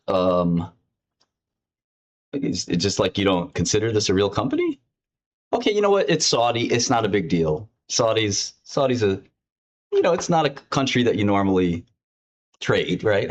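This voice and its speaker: A man giving casual screen-share commentary as host, ranting in a profane, mocking and excitable way. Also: on the low side, slight background noise.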